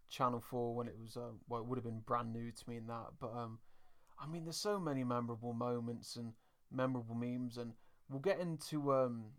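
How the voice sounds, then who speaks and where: A man hosts a relaxed podcast chat. He recaps scenes in a loose, chatty way and laughs often. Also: medium pitch. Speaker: podcast co-host.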